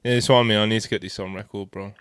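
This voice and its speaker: A man's voice: on the low side, fairly even intonation, racing, fairly bright tone, a little hiss or hum. A man co-hosting a casual podcast chat, joking and asking probing questions.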